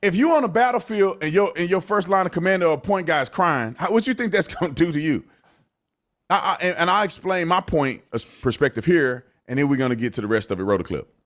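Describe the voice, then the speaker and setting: A man's voice: fairly high pitch, lively intonation, fast talker, fairly bright tone. A man commenting on clips, explaining his point insistently and repeating himself. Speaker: commentator answering critics.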